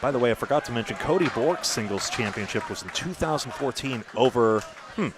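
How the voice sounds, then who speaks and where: A man's voice: medium pitch, lively intonation, a little fast, crowd noise. A man giving live bowling commentary, chatty and self-deprecating, with asides between frames.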